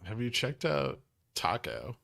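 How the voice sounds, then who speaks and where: A man's voice: mid-range voice, huge pitch swings, slow, gravelly, a bit bright. A man from New York chatting casually on a livestream about stock trades, reading viewers' questions aloud and answering offhand, with some swearing. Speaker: stock market streamer.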